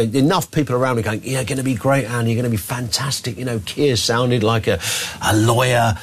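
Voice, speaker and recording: British male talk radio host, husky, animated pitch, blunt and chatty. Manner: blunt, conversational, lively pitch swings. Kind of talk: opinionated phone-in chat.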